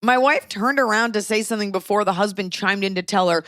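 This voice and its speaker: A young adult woman hosting a podcast, reading a listener's letter aloud with animated, comic asides. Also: medium pitch, brisk, few pauses, no echo, studio quality. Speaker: podcast host.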